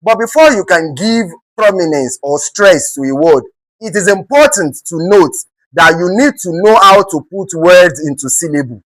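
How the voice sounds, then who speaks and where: A man's voice: high voice, animated, moderate pace, a bit bright, no room sound, poor audio. A man with a Nigerian accent teaching an exam-prep English lesson, often checking in with rhetorical questions and repeating words for emphasis.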